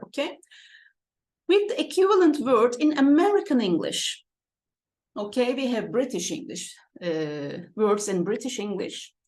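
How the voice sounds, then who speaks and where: A woman's voice: mid-range voice, a little mellow. A woman teaching an English lesson, drawing out and repeating words for her students. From Turkey. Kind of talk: online lesson walkthrough.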